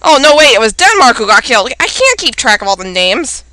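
Excitable high-voiced woman gamer. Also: brisk. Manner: excitable, squeals and shrieks at surprises. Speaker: let's play host. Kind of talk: let's play commentary, reading game dialogue aloud.

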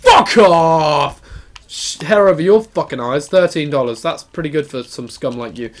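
A young man giving excited, sweary commentary on his gameplay and talking back to game characters. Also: fairly high pitch, a little fast. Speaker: gaming channel host.

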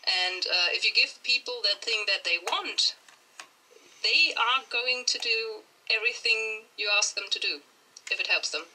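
A woman's voice: mid-range voice, expressive, measured pace, bright, forceful tone, low-quality recording. A woman speaking hesitantly and thoughtfully in a casual group discussion. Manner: hesitant, reflective. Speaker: discussion participant.

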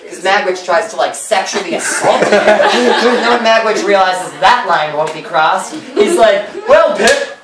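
A man retells a stage play for laughs among friends, giggling as he fires off quoted lines. He sounds far from the camera in an echoey room, with loud noise all around him. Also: high-pitched. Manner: giggly, quoting lines in quick bursts. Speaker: cast member retelling a play. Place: cast party, indoors. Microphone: camera or phone held away.

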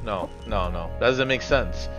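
A man's voice: on the low side, measured pace, fairly bright tone, soft background music. A man live-streaming a game, commenting casually, frustrated and swearing as he mutters to himself.

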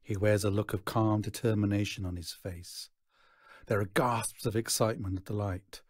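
A man reading a children's novel aloud in slow, measured narration. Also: lowish voice, steady tone, no room sound, studio quality. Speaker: reader. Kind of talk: storybook read-aloud.

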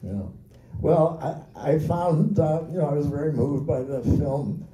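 A man's voice: on the high side, a little slow, dark tone. A man moderates a film Q&A with polite questions and brief interjections. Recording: echoey theater with faint audience.

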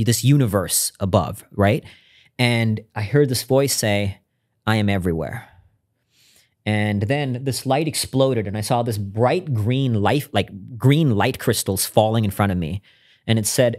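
Low-voiced man, earnest podcast guest. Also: a little mellow. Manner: earnest and reflective, with frequent restarts. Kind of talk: reflective interview storytelling.

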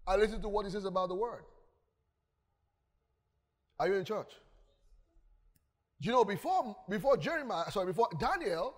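A man preaches in a high, ringing voice that fills a church hall with long reverb. He is emphatic and keeps asking the congregation questions. Now and then he acts out little stories. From Nigeria. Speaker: pastor. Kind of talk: sermon.

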